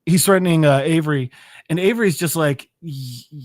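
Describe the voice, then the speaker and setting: A man co-hosting a podcast, rambling through an episode recap with fillers and casual swearing. His voice sits a little high. The sound is dry and close, with no room echo. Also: brisk. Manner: rambling, loose with fillers and profanity. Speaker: podcast co-host.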